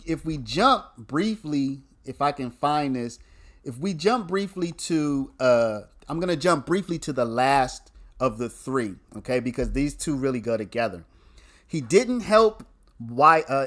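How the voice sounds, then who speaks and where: A man's voice: on the high side, a bit bright. A man, hosting a casual livestream where he explains a legal argument to viewers, repeating points and restarting sentences.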